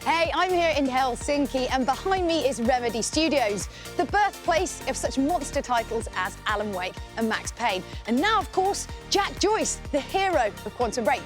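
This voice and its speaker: A woman's voice: high-pitched, animated, normal speed, music in the background. A woman TV presenter speaking on location, playful and bubbly, with a self-mocking touch.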